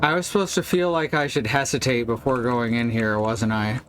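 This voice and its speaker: A man's voice: mid-range voice, steady tone, moderate pace, a bit bright, faint music behind. Male let's-play streamer, wry jokes, mid voice. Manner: wry, joking asides.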